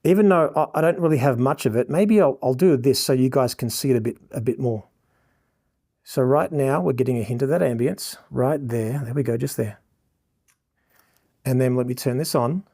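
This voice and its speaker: Mellow Australian man teaching photography. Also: medium pitch, normal speed. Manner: effusive, showering the model with praise; explains settings step by step to viewers. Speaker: photographer teaching a lighting lesson. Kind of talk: live instruction while shooting a portrait session.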